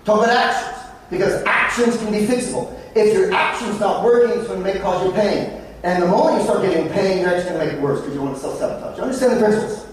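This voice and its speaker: A psychologist giving a lively storytelling talk at a conference, acting out conversations with clients. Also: male voice, high-pitched, fast talker, slight background noise. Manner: animated, acts out client dialogues in a raised voice. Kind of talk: storytelling presentation to an audience. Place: conference hall. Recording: echoey hall, speaker far from the mic.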